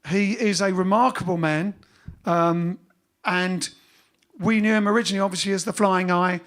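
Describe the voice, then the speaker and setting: A man hosts a casual live stream for his band, chatting in a rambling, joking way full of fillers and restarts. His voice sits high and sounds bright and forceful. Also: steady tone, moderate pace.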